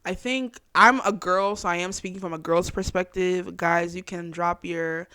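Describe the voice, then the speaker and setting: A young woman hosting her own chat show, reacting in a casual, animated, slangy way and laughing often. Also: lowish voice, moderate pace, clean tone, no echo, studio quality. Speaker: podcast host.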